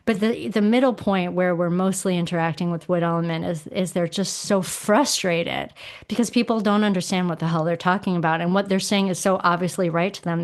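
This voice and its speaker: Woman, middle-aged, slightly low pitch, casual podcast guest, animated explaining, acts out quotes.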